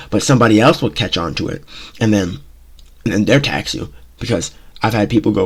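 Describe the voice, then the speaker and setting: Hosting his own casual talk show, a man bluntly shares his opinions, looping back, repeating phrases and checking in with "okay?" and "you know?" His slightly low voice is husky and expressive, and he talks at a quick pace.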